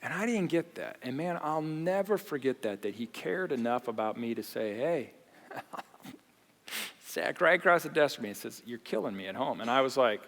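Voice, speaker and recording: A man preaching a sermon in a church, animated, often repeating and restarting his phrases. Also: medium pitch, moderate pace. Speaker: pastor. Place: church auditorium. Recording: long reverb of a large hall.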